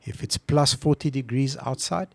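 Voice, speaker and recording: A man co-hosting a casual podcast, telling a story with lively acted-out phone calls. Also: medium pitch, normal speed, vocal fry, no room sound. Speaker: podcast co-host.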